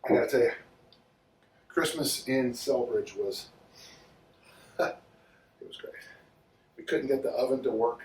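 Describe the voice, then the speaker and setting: A rambling, chatty man talking through a workout livestream, breaking off often to chuckle. His voice sits at an ordinary pitch and sounds roomy, caught from some distance away from the mic. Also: a little slow, pauses often. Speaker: strength coach. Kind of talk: casual livestream chat during a workout.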